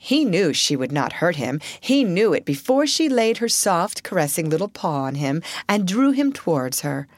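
Expressive woman narrator for a storybook, measured, low and dry. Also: dry recording. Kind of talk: audiobook narration.

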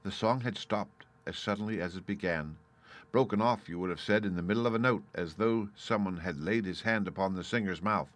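A man reading a story aloud in steady, measured scripted narration. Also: on the low side. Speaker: audiobook narrator.

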